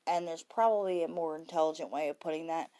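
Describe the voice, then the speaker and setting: A woman's voice: sits low, fast talker, warm tone. Tired lady ranting late at night, swears a ton, rambles, hammers her points. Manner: profane, emphatic, rambling. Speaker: vlogger.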